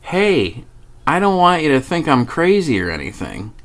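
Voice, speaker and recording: A man's voice: fairly high pitch, wildly swooping pitch, normal speed, fairly bright tone, pitched above the performer's own voice, full character voice. A man voicing a young woman he met online, earnest and spooked, quoted in a raised voice.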